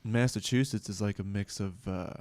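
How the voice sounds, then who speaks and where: A man's voice: fairly low pitch, normal speed, darkish tone, no room sound. A man co-hosting a casual podcast, curious and joking, asking lots of questions.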